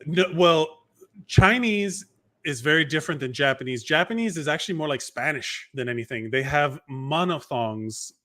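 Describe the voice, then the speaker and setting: Bright-voiced rambling man. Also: fairly high pitch, animated, normal speed. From Miami, USA. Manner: rambling, lots of fillers and restarts. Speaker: podcast co-host. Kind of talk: casual chat.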